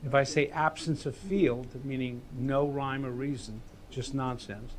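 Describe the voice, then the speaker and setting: A man teaching writing in a casual, animated way, acting out voices as he explains. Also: mid-range voice, unhurried. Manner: animated, acts out voices and hums melodies.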